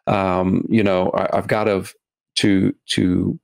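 A middle-aged man, a documentary filmmaker as a podcast guest, talking earnestly and haltingly, often restarting and repeating words. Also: sits low, little pitch movement, gravelly, a little mellow. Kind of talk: podcast interview.

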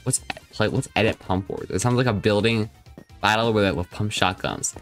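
A young man with a somewhat low voice chats casually on a game live stream. He jokes around and reads out his viewers' messages as he plays. Faint background music runs under his talk. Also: normal speed. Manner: chatty, joking, reads and answers viewer chat.

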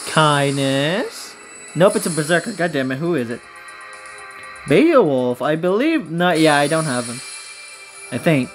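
A woman's voice: low voice, rough recording. A woman hosting a gaming video, giving casual commentary on her game pulls in an anxious, pleading, dramatic way.

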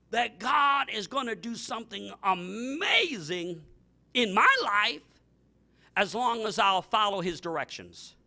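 A middle-aged male pastor with a high-sitting voice preaches a fervent sermon. He repeats himself and breaks into sudden loud outbursts.

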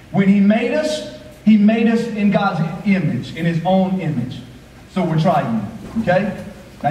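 Man, pastor, high voice, emphatic preaching, quiet asides, distant mic, faint room ambience. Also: roomy sound, slight background noise. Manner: rhythmic, repetitive, swings from quiet asides to raised emphatic lines. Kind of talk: sermon. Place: church sanctuary.

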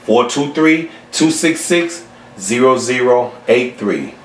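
A pastor teaching a Bible study and leading a closing prayer, swelling to emphatic highs and then dropping low and soft. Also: male voice, animated, slow pace, a little hiss or hum. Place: church sanctuary. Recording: echoey church sound from a distance.

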